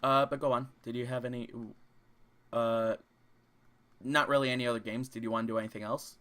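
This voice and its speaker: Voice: mid-range voice, fairly even intonation, fairly quick, a bit bright. A game master narrating a tabletop role-playing game in a casual, rambling way with many fillers.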